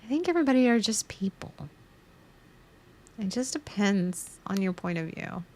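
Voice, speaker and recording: A woman's voice: mid-range voice, expressive, moderate pace, a little mellow. A woman in her thirties talking on a live stream, rambling and emotional, restarting her sentences and laughing between thoughts.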